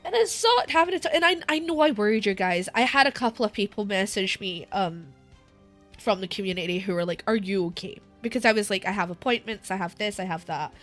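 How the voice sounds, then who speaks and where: A woman's voice: medium pitch, a little fast, fairly bright tone, soft background music. A young British woman streaming live, with a sore throat, talking candidly and emotionally, near tears and laughing between sentences. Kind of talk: casual live-stream chat.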